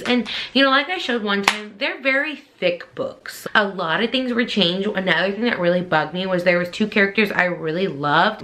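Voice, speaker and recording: A woman book vlogger delivers a casual, opinionated review, chatty and expressive, her pitch suddenly jumping upward.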